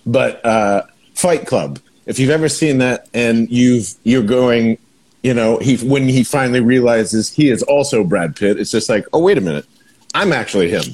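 A man's voice: mid-range voice, unhurried, darkish tone. A man in his thirties hosting a casual podcast chat, joking with frequent movie references. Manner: laughs often, jokey, pop culture references.

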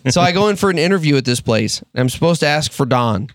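A man's voice: fairly high pitch, lively intonation, quick pace, dry recording, studio quality. A man, co-hosting a podcast with laid-back, profane banter. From Texas. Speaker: podcast co-host. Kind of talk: casual chat.

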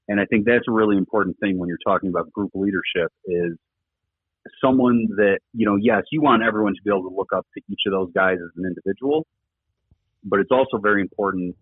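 Middle-aged ex-coach, low husky voice, earnest and rambling, heard over a thin phone line. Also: male voice, no echo. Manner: earnest, rambling with many fillers. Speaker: former rugby coach, podcast guest. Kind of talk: casual conversational interview talk. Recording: tinny phone-line audio, dry.

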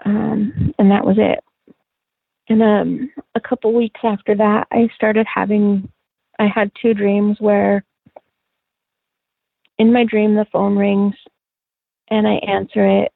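A middle-aged woman telling a personal story in a soft, halting way, with many pauses and fillers, over a phone line. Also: mid-range voice, flat delivery, vocal fry, no room sound. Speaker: interview guest. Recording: tinny phone-line call.

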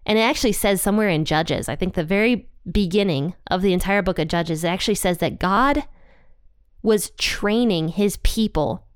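A woman teaching a casual Bible lesson, chatty and self-deprecating, slowing down to stress key points. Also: mid-range voice, clear, resonant tone, dry recording, studio quality. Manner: chatty, laughs at herself, slows down to stress points.

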